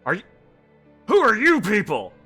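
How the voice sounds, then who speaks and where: A man voicing a lean, frantic male goblin prisoner who begs loudly to be set free. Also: sits high, huge pitch swings, moderate pace, slightly rough, soft background music, voice pushed up, full character voice. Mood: frantic, pleading. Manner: panicked, shouting, pleading to be freed.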